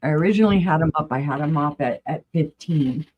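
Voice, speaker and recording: A woman selling vintage items on a live stream, chatty and excited as she describes each piece. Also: low voice, fairly quick, breathy edge, phone-quality sound. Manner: excited, chatty, rattles off item details. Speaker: vintage seller. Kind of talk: live-stream sales pitch.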